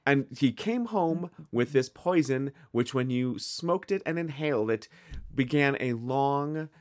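A man's voice: medium pitch, unhurried. Midwestern American male co-host, casual and rambly, with a bouncy, wide-ranging delivery. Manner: rambling and animated. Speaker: podcast co-host. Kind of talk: casual chat.

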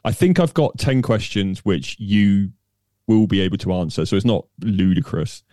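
Low mellow guy reading quiz questions on a podcast, dry humour, dry sound. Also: moderate pace, no echo. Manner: hesitant, restarts, dry humour. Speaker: podcast co-host, quizmaster. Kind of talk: casual chat, running a quiz.

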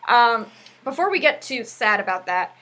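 A woman with a bright, slightly husky voice co-hosts a podcast. She recaps a TV episode in casual chat, laughing often and slipping into the characters' lines. Her voice sits a little high. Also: lively intonation, normal speed. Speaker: podcast co-host.

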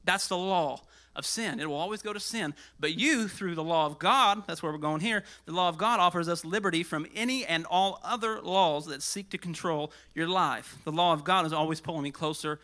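Preaching with animation, this pastor shifts from booming lines to quiet asides and gets winded as he goes. His male voice is fairly high, and he talks briskly with hardly any pauses.

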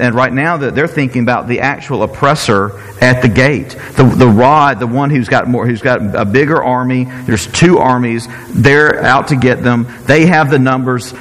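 A man's voice: mid-range voice, a bit bright. A man gives an earnest sermon in a mid-range voice, stumbling and repeating words as he works toward each thought. His voice rings out with a long reverb, as in a large church hall. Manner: earnest, halting, repeats words while searching for them. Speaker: preacher.

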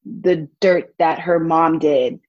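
A woman's voice: low-pitched, slow pace, no echo, highs cut off. A young woman, telling stories in a casual interview and acting out what people said. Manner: animated, acts out quotes with laughs. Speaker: guest, volunteer child advocate.

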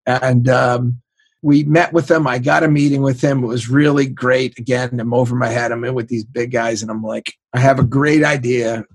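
A man in his sixties, a sports executive, telling animated anecdotes in a casual interview, acting out the voices of the people he quotes and laughing often. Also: medium pitch, creaky, slightly rough, dry recording. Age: 60s.

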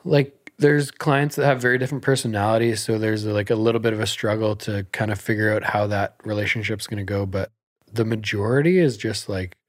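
Realtor guy on a podcast, kinda low voice, dry close sound, chatty and laughing a lot. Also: a little fast, no echo. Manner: animated storyteller, laughs often. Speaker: realtor guest. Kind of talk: casual podcast chat.

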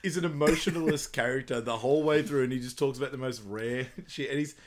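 A man's voice: medium pitch, fast. A young man chats loosely about a movie he has just rewatched. He laughs easily through his sentences, his voice sits in an ordinary middle register, and he talks like a co-host among friends. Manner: laughs often, loose and chatty. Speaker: podcast co-host. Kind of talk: casual film recap chat.

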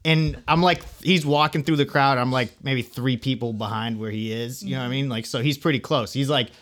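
Bright-voiced man telling a rowdy story. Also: mid-range voice, brisk. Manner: profane, rambling, acts out quotes loudly. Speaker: storyteller among friends. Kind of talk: casual chat.

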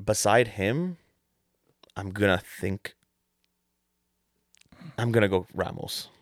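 A young man co-hosting a casual soccer podcast, talking in animated bursts with lots of restarts. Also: fairly low pitch, slow pace, no echo, studio quality. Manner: animated, restarts often, says "man" a lot. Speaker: podcast co-host. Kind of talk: casual sports chat.

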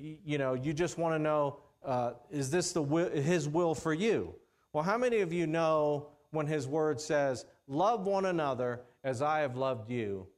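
A man preaching a sermon in a conversational way, reading scripture slowly and checking in with the congregation. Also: a little high. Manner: conversational, checks in with "okay?" and "all right?"; reads scripture slowly in King James wording.

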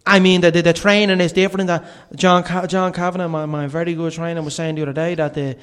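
A man doing a comic impression of a cocky young Irish male fighter with an Irish accent, slow and deliberate. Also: a little high, level tone, clear, resonant tone, lightly acted.

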